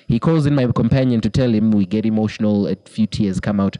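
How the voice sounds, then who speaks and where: A man's voice: fairly low pitch, quick pace, few pauses, mellow, no echo, rough recording. A young man, a podcast co-host, telling a long personal story in casual chat, laughing often and quoting people in put-on voices.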